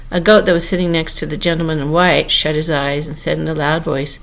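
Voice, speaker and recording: A woman narrating a classic storybook aloud as an audiobook, in an expressive, unhurried manner. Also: deep voice, gravelly. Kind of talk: audiobook reading.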